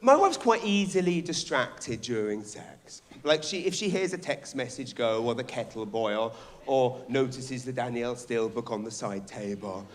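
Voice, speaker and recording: A middle-aged man performing a rambling, animated stand-up comedy set on a theatre stage. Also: medium pitch, normal speed. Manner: animated, shouting bits, rambling restarts. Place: theatre stage before a live audience.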